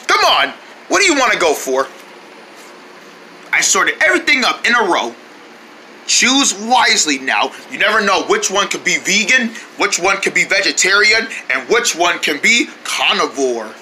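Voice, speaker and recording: Brief: man doing a shrill, bright cartoon cook, bossy and coaxing. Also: big pitch swings, normal speed, slight background noise, exaggerated voice, low-quality recording. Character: pushy overeager male cartoon breakfast cook. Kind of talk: cartoon voice acting.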